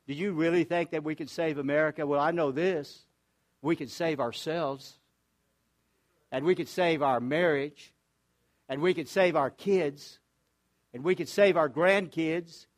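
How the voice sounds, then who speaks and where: An older male pastor delivers a sermon, telling stories in an earnest, searching way. His voice sits a little high for a man, and he often backs up and restarts his phrases. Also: a little slow. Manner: earnest storytelling preacher with frequent restarts.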